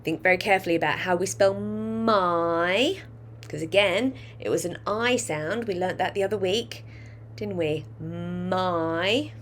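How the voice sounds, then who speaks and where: A woman's voice: on the low side, measured pace, slight background noise. A woman teaching a phonics lesson, patiently dictating a sentence word by word and coaching children on spelling. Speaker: primary school teacher.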